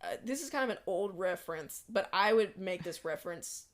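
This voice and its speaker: A woman's voice: medium pitch, lively intonation, fairly quick. A young woman co-hosting a podcast in casual chat, laid-back and swearing casually. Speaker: podcast co-host.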